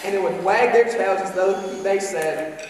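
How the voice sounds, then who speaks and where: A man giving a dramatic recitation of classic prose with a measured storytelling manner at a live event, heard from far off in an echoey hall. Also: sits high, a little hiss or hum. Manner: measured, shifting tempo, storytelling. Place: live event in a historic building.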